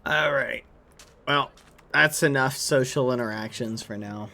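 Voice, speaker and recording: A man's voice: mid-range voice, a little slow, vocal fry, sharp tone. A man streaming a game, chatting casually with teammates in a friendly, reassuring way. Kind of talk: casual gaming stream chat.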